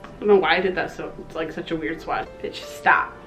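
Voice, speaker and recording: A young woman with a twang, gushing excitedly as she reviews a makeup palette in a casual vlog. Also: low-pitched, quick pace, roomy sound, soft background music, rough recording. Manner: gushing, excitable, slangy, with breathy exclamations. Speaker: beauty vlogger.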